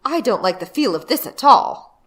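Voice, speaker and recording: A woman's voice: medium pitch, big pitch swings, normal speed, fairly bright tone. A woman voicing a fussy, distracted mother who exclaims in a put-upon way.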